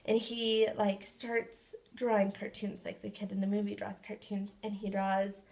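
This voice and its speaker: A woman and mother co-hosting a casual faith conversation, telling stories with lively acted-out quotes. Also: medium pitch, unhurried. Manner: animated storyteller, acts out quotes. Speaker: podcast co-host, mother.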